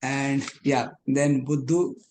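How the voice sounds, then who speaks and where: A male student explaining a verse in an online class, halting and often restarting, heard over a video call. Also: medium pitch, flat delivery, a crowd in the background. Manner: halting, many pauses and restarts. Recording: echoey room with faint noise.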